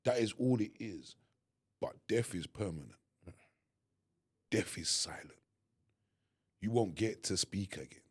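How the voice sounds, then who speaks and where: A man co-hosting a podcast, talking earnestly and emphatically with halting restarts. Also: lowish voice, animated, husky. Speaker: podcast co-host. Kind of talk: candid conversation.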